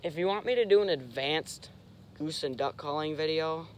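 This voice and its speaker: A young man talks through a beginner's lesson on his own channel, his voice sitting a little high. He pauses and searches for words as he goes. Now and then he breaks into short, clipped demonstration sounds. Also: a little hiss or hum. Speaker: host. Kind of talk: casual instructional talk.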